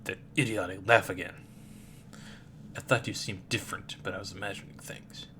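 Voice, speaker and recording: A proud teenage rival who sneers at everyone he faces, put on by a man reading a comic aloud. The voice sits a little low and subdued, with a haughty, cold edge to every line. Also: fairly even intonation, normal speed, noisy background, lightly acted. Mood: scornful. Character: arrogant proud teenage boy shaman rival.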